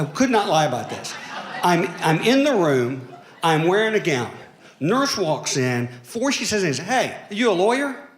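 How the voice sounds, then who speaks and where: A man from Alabama with a Southern accent performing a deadpan, self-mocking stand-up comedy set on stage. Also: on the high side, roomy sound, a little hiss or hum. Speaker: lawyer doing stand-up. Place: comedy stage before a live audience.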